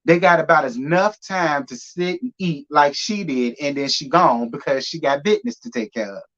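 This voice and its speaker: A man's voice: fairly high pitch, expressive, moderate pace, fairly bright tone. A man hosting a live reality TV review, talking in a sassy, emphatic way and repeating lines for effect. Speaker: reality TV recap host. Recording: muffled lo-fi audio.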